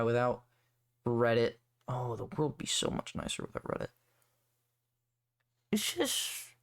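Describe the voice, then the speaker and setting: A young man hosting a solo podcast, rambling and swearing in a sarcastic, casual rant. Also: mid-range voice. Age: young adult. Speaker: podcast host.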